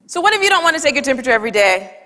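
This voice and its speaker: A woman with a fairly high voice tells a funny story in front of an audience, bringing each line of dialogue to life. Her voice carries a long reverb, as in a large hall. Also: very fast. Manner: lively, humorous storytelling with quoted dialogue. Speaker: speaker. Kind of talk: storytelling talk.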